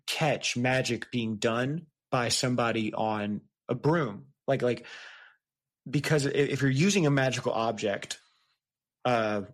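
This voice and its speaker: A man with a mid-range voice hosts a relaxed podcast. He talks casually, jokes often and laughs easily as he chats with his co-host. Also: medium pitch. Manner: joking, chatty, quick to laugh. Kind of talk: casual chat.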